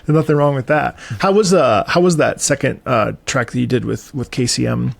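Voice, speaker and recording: A man's voice: medium pitch, brisk, creaky, no echo. A man hosting an interview, eager and chatty, asking long rambling questions. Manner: enthusiastic, asks rambling questions. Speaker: interviewer host. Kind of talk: casual interview chat.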